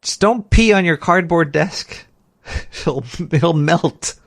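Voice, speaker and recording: Casual male host, gravelly, joking and profane. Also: on the high side, slow pace, a bit bright. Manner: loose, joking, swears freely. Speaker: podcast host. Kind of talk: casual chat.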